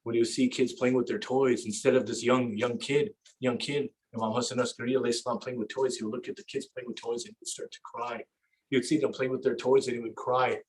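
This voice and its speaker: A man giving a conversational religious lecture, often asking "right?" and telling stories with lively energy. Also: medium pitch, quick pace. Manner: conversational, keeps asking "right?", retells a game excitedly. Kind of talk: animated religious lecture with storytelling. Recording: echoey hall, mic at a distance.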